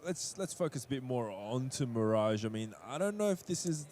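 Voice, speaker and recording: A man's voice: mid-range voice, expressive, moderate pace, a little mellow. A man casting live esports, chatty and teasing, setting up context for viewers. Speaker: esports play-by-play caster. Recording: faint music behind.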